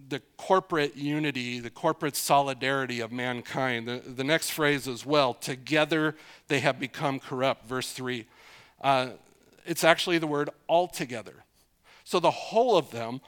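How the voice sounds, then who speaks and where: A man's voice: medium pitch, a bit bright, smooth. A middle-aged man preaching an expository sermon in a conversational way, repeating phrases for emphasis and asking his listeners questions.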